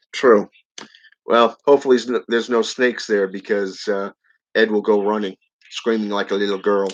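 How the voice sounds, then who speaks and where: A man with a lowish voice talks at an unhurried, drawn-out pace, working through viewer comments on his channel and chuckling between them. The sound is dull and lo-fi. It has the loose feel of a casual live stream. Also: fairly even intonation. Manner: chuckles often, reads comments aloud slowly. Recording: dull lo-fi audio.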